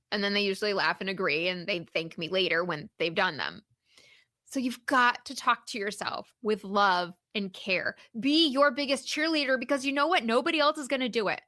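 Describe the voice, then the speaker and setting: A woman hosting a solo motivational podcast as a career coach, encouraging and emphatic, slowing down to stress key points. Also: a little high, bright, forceful tone, no room sound, studio quality.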